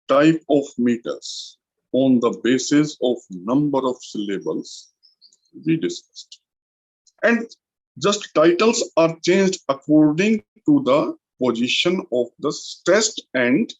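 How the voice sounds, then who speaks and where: A male college lecturer from India with an Indian English accent, slowly explaining a literature lesson and repeating key terms for emphasis. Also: a little high, big pitch swings, lo-fi sound.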